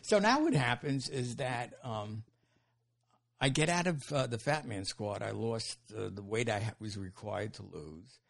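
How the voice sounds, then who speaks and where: An older man telling stories as an interview guest, animated and laughing, with casual swearing. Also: on the low side, unhurried, vocal fry. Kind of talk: storytelling in an interview.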